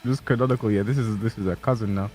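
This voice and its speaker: A man's voice: on the low side, steady tone, very fast, a little mellow, faint music behind. A man co-commentating a fighting game tournament stream, riffing in a rambling way with lots of fillers.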